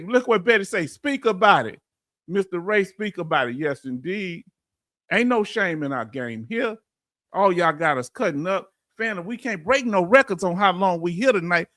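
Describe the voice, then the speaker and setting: Middle-aged Southern host, high tenor, dry close sound, folksy and preachy on a live chat stream. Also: male voice, a bit bright, dry recording. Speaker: veterans benefits channel host. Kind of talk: livestream reading viewer comments.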